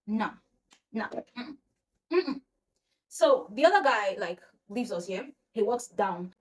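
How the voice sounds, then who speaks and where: A young woman with a Nigerian accent telling a personal storytime to her viewers in a chatty, animated way. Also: medium pitch, slight background noise. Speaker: vlogger. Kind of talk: storytime vlog.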